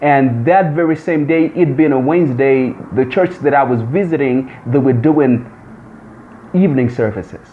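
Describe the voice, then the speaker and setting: A man's voice: medium pitch, moderate pace, a little hiss or hum. A man telling a personal testimony in an emphatic, repetitive storytelling manner. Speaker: testimony speaker. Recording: dull lo-fi recording.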